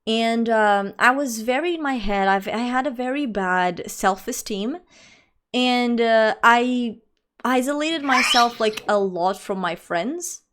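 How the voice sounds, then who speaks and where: A young woman, not a native English speaker, chatting casually with her livestream chat, rambling and quick to laugh. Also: fairly high pitch, fairly bright tone. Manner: talks straight to her chat. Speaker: streamer.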